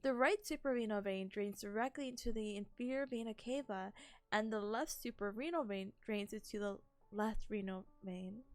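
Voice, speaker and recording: A young woman streaming a casual study session, bubbly and chatty, laughing often as she talks. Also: fairly high pitch. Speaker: student streamer. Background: soft lofi music.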